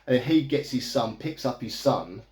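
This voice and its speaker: A man's voice: medium pitch, lively intonation, moderate pace, a little mellow. A man in a casual video review, recapping a movie plot in a chatty, amused, rambling way. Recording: echoey room.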